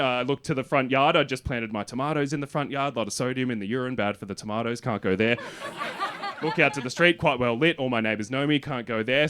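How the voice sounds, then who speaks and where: A man, telling a self-mocking story on a comedy club stage into a handheld mic, building to animated punchlines. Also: on the high side, slight background noise. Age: 30s. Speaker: stand-up comedian. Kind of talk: stand-up storytelling.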